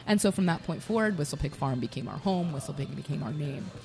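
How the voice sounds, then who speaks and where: Low-voiced woman telling a story in a bar. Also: fast. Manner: animated storyteller who acts out dialogue. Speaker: whiskey brand representative, guest. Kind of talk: casual storytelling interview. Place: busy bar. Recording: bar with faint background music.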